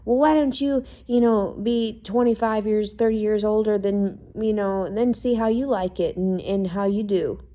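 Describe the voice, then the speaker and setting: A woman's voice: mid-range voice, fairly even intonation, normal speed, few pauses, warm tone, pitched above the performer's own voice, close to an everyday voice. A woman mimicking her complaining older mother, whiny and self-pitying about her aches.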